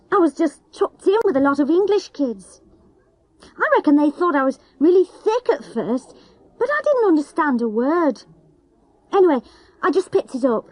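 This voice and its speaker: A woman's voice: sits high, rough recording. A woman with a Liverpool accent, from Pakistan and raised in England, casually telling how she learned the language. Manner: casual, chatty. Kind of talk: scripted personal account.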